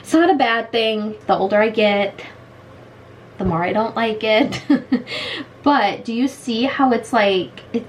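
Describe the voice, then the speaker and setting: A woman's voice: a little high, a little hiss or hum, low-quality recording. A woman in her late thirties doing a casual makeup review at home in her bedroom, talking frustrated and blunt. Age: late 30s. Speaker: beauty vlogger.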